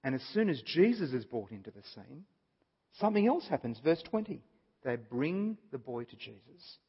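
A man's voice: medium pitch, very animated, moderate pace, husky. A man giving an earnest Bible study talk, explaining a passage and stressing points by repeating them. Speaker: Bible teacher. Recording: dull audio with long reverb.

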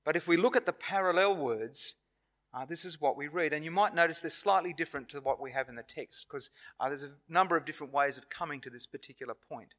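A man with an Australian accent preaching a sermon in a church, earnest and measured, with pauses and self-corrections. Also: on the high side, a bit bright.

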